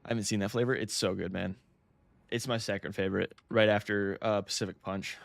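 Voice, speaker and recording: A young man from the United States talks casually while streaming a game, relaxed and profane, often breaking into a laugh. His voice sits low with a gravelly fry, and the sound is dry and close. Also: brisk, dry recording. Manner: laid-back, swears freely, laughs often. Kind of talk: casual livestream chat while gaming.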